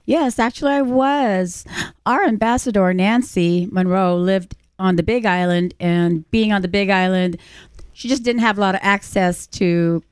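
A woman's voice: medium pitch, unhurried, clear, resonant tone, no echo. A woman from Hawaii, a guest on a casual podcast, talking in an upbeat, enthusiastic way.

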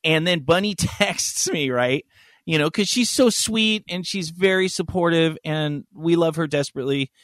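A man's voice: fairly high pitch, moderate pace, a bit bright, dry recording. A man co-hosting a podcast, telling rambling, jokey stories in casual chat and laughing often. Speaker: podcast co-host.

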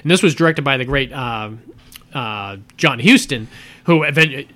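A man's voice: mid-range voice, normal speed. A man chatting casually about films on a podcast, retelling scenes with lots of fillers and the odd swear. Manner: animated storytelling, swearing, many fillers. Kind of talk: casual movie chat.

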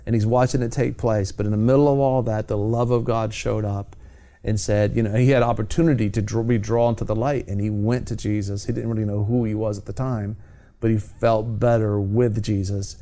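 A man's voice: fairly low pitch, steady tone, a little fast, dark tone. A man hosting a Christian television program, talking about faith in a fervent, exhorting preacher's cadence. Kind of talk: evangelistic TV talk.

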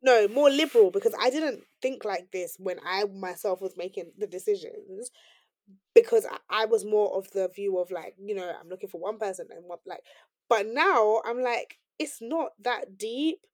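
A woman's voice: medium pitch, normal speed, darkish tone, no echo. A woman co-hosting a casual discussion, giving her opinions with lots of "like" and "you know".

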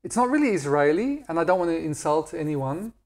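A man's voice: fairly high pitch, big pitch swings, brisk, darkish tone. A middle-aged Australian man chatting candidly as an interview guest, joking and self-deprecating. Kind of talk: casual interview chat.

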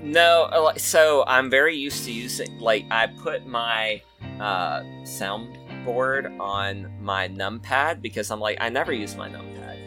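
Slow, bright-voiced man running the game. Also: mid-range voice, faint music behind. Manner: slow, hesitant, many fillers. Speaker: game master. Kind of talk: casual tabletop game chat.

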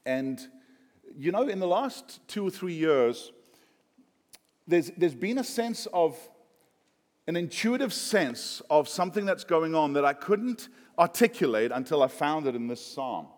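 A man's voice: a little high, very animated, a little slow. A man preaching a conversational sermon, joking and chatty with frequent fillers. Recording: long hall reverb.

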